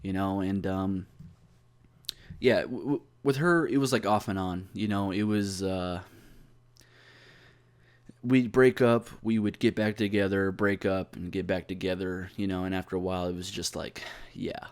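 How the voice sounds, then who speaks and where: A man's voice: sits low, steady tone, a little slow. A young man telling a personal story in a casual vlog, rambling and profane, full of fillers and restarts. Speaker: YouTuber.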